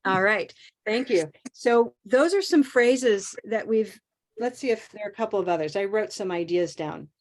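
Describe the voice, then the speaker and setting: A woman teaching an English pronunciation class over a video call, modeling phrases slowly and praising her students. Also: medium pitch, animated. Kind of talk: online class coaching.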